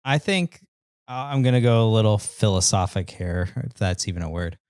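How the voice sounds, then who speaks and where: A man with a lowish voice trading jokes in a casual podcast chat. The sound is dry and close to the mic. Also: lively intonation, brisk, darkish tone, smooth, dry recording. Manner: joking, tells corny jokes. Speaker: podcast co-host. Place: podcast recording room.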